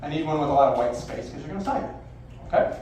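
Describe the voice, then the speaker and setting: High-voiced brash stage magician man. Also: expressive, rapid-fire, a little mellow. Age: 40s. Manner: brash, profane, theatrical showman. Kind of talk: live comedic magic patter. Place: live bar venue stage. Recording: echoey live room, distant mic, faint noise.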